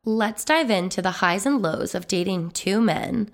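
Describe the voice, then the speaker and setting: This woman hosts her own podcast alone, speaking at an unhurried pace. Her voice is slightly hoarse and still recovering. She stays upbeat and conversational and rolls through long lists of points. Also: medium pitch, lively intonation. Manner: upbeat and chatty, lists things in quick runs. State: hoarse, voice not fully recovered. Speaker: podcast host and business coach. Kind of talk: solo podcast monologue.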